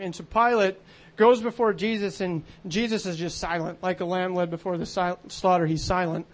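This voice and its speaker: Guy preaching a sermon, kinda high voice, earnest and chatty, lots of ums. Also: steady tone, moderate pace. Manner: earnest, conversational preaching with many fillers.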